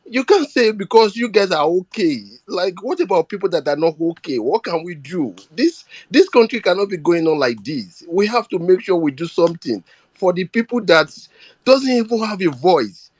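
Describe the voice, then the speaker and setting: A man's voice: sits high, sing-song, normal speed, a little mellow, husky, dry recording. Earnest Nigerian man, emotional appeal. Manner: earnest, emotional, repeats himself. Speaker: speaker on a live audio chat. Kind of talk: impassioned appeal.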